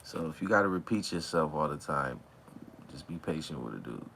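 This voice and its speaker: A man hosting a relaxed livestream chat, talking in a slangy, drawling way while high. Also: a little fast, gravelly, a little hiss or hum. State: high from smoking. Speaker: livestream host. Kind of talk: casual chat with live chat viewers. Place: outdoors or near an open back door, windy. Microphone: phone.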